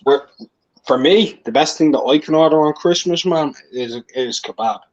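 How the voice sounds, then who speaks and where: A man's voice: a little high, moderate pace. A man from Ireland chatting casually on a live stream call, bantering with frequent stammered restarts. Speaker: stream caller. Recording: dull lo-fi call audio.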